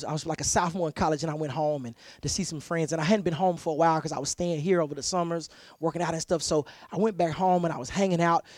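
A man with a high voice preaches a conversational sermon, weaving in personal stories. He stumbles and repeats words as he restarts sentences, then throws himself into the voices of the people he quotes. The sound is close and dry, with no room around it. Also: no echo. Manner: animated storyteller who repeats words as he restarts; acts out quoted voices loudly. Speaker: pastor.

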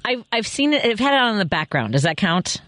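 A woman's voice: mid-range voice, very animated, quick pace, fairly bright tone, no echo. A middle-aged woman hosting a radio call-in show, teasing her caller playfully and laughing often. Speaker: radio host. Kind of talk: casual radio talk. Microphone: studio mic.

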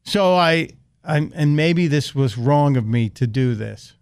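American radio host guy ranting a story, acts out the voices, smooth clear voice. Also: medium pitch, measured pace, no room sound, studio quality. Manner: animated, acts out quoted voices. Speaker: radio talk show host. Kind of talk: storytelling monologue.

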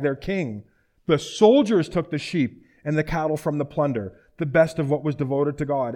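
A fawning king who keeps insisting he did right, his voice pitched high above a plain speaking voice and pushed out loud and eager, as a preacher puts him on. He sounds overly pious and self-justifying. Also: close to an everyday voice.

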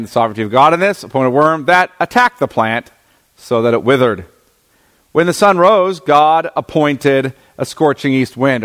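A middle-aged man teaches through a scripture passage in a sermon. He reads each verse aloud, then unpacks it in plain conversational terms, often pausing to check that his listeners follow. His voice sits at an average pitch for a man. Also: fairly bright tone. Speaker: preacher. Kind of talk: expository Bible teaching.

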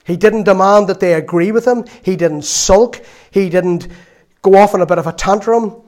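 A middle-aged man with a Northern Irish accent preaching a sermon, telling a lively story from his own family and acting out the voices in it. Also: sits high, normal speed. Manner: lively storytelling, acts out voices, laughs often.

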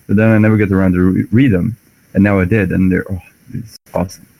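A man chatting casually about books, animated and quick to act out scenes. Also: sits low, vocal fry, poor audio. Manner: animated storyteller, acts out lines with laughs.

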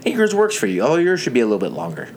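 A man's voice: mid-range voice, huge pitch swings, racing, a little hiss or hum. A young man co-hosting a podcast, trading casual, profane banter with a friend. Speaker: podcast co-host.

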